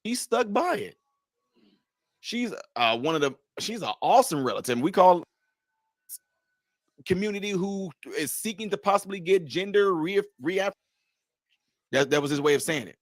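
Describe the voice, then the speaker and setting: A man's voice: sits high, animated, normal speed, pauses often, no echo, clean studio sound. A man hosting a casual livestream, talking straight to his viewers, repeating his points emphatically. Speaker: livestream host.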